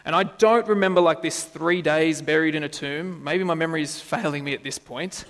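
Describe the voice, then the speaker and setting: A man's voice: fairly high pitch, fairly quick, a bit bright. A man preaching a sermon to his church congregation, conversational and playful, often asking the congregation questions and adding jokes. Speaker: pastor. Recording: church hall with long reverb and mains hum.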